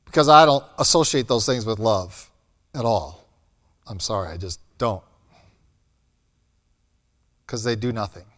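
A man preaching a sermon as pastor, blunt and emphatic, swinging between loud and soft. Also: on the low side, a little slow, pauses often. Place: church hall. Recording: long hall reverb.

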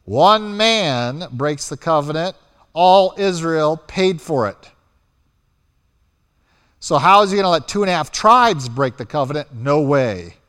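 A man preaching a sermon, telling the story with animated delivery and acting out quotes as he goes. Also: fairly high pitch, unhurried, big-room sound.

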